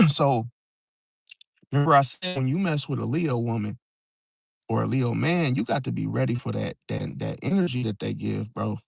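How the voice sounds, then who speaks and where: Animated and gravelly, with a slightly rough mid-range voice at a moderate pace, this man streams about astrology from outdoors beside parked cars. The dry recording catches his loose, repetitive chatter, heavy on "see?" and "bro," sometimes in a whisper.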